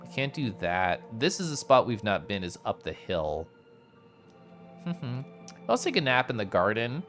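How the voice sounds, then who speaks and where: Chatty, animated man streaming a game. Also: medium pitch, measured pace, soft background music. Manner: chatty, rambling, animated asides. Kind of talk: casual gameplay commentary.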